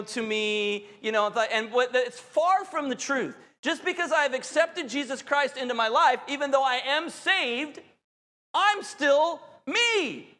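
A man's voice: very high-pitched, bright, forceful tone. A man preaching a sermon in a candid, humorous, conversational way. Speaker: pastor. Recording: hall reverb.

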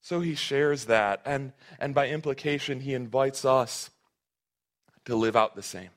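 A man's voice: mid-range voice, measured pace. A man preaching a sermon to his congregation in an earnest, conversational way, often restarting his phrases. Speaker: pastor.

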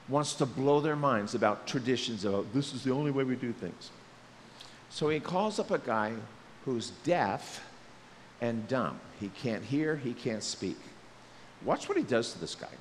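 A male pastor giving a lively sermon, joking and acting out quotes in different voices. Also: medium pitch, long reverb tail, slight background noise. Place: church sanctuary.

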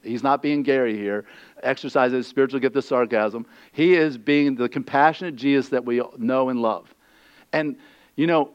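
A male pastor preaching a sermon in a conversational, animated way, acting out the quoted lines. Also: mid-range voice, muffled recording.

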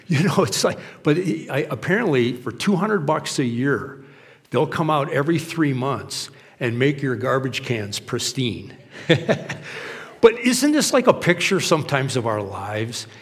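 A man's voice: medium pitch, in a large hall. A male pastor preaching a conversational sermon, telling stories and acting out what people say. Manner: conversational and anecdotal, acting out quotes.

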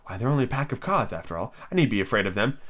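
A man's voice: high voice, big pitch swings, fast talker, fairly bright tone, voice pushed up, full character voice. A man reading the lines of a polite but bold young girl, in a lightly raised voice. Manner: polite, plain-spoken.

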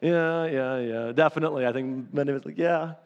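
A man preaching a sermon, telling a story with laughs and lively energy. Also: mid-range voice, fairly quick, clean tone, highs cut off. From Michigan. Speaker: pastor. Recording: long hall reverb.

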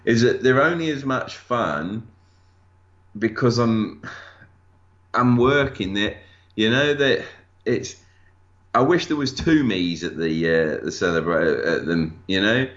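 A man's voice: fairly low pitch, expressive, fairly bright tone. A man, chatting as an interview guest, hesitant and full of restarts. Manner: halting, many restarts and fillers. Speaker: guest collector. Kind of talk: casual interview chat. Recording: lo-fi echoey room.

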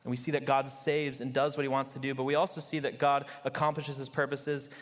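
A man preaching a sermon in an easy, chatty style and dropping in "like" and "you know" as he goes. His voice sits at an ordinary middle pitch for a man. The sound carries the long, ringing reverb of a large church hall. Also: flat delivery, a little fast. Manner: conversational, full of "like" and "you know". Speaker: pastor.

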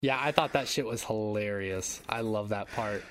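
A man's voice: lowish voice, normal speed, fairly bright tone, slight background noise. A man hosting a casual movie podcast, reading plot summaries and cracking crude jokes. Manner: crude joking, reads plot summaries aloud. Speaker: podcast host. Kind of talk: casual movie recap chat.

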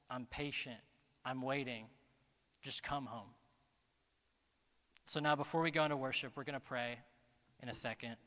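A young adult man preaching a sermon in a church, casual and energetic, dropping to a hushed tone for the reflective parts. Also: mid-range voice. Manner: energetic, casual slang, swings from loud emphasis to soft hushed delivery. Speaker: pastor. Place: church auditorium. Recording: long hall reverb.

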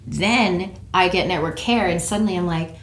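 A woman speaking as a practitioner in a conversational interview, earnest and reflective, and lively when she tells a story. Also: fairly low pitch, normal speed. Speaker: network care practitioner, guest. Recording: roomy echo.

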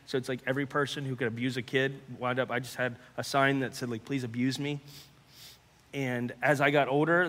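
The recording has a long, reverberant hall quality. In it, a medium-pitched male pastor earnestly recounts his personal testimony, pausing, repeating words, and dropping now and then into hushed speech.

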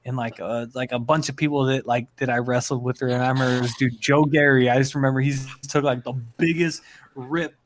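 A man's voice: medium pitch, steady tone, a little fast, a little hiss or hum. A man in his thirties telling loose, profane stories in a casual group chat. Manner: loose storytelling with heavy swearing.

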